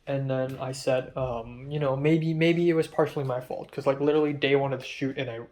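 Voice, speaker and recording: Brief: young adult male vlogger, mid-pitched, rambling, irritated, swears a lot. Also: steady tone, brisk, darkish tone. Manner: rambling, frustrated, swears often, retells arguments. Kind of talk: diary-style vlog.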